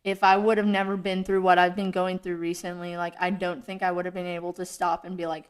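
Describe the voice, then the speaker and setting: A woman's voice: lowish voice, little pitch movement, brisk, clear, resonant tone. A young woman hosting a faith podcast, talking in an earnest, rambling way with lots of fillers. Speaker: podcast host. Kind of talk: casual faith podcast chat.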